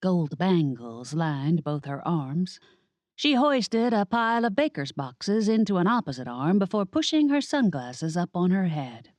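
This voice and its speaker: A woman's voice: lowish voice, big pitch swings, unhurried, a little mellow, no echo. A woman narrating a first-person cozy mystery audiobook in a wry, sassy manner.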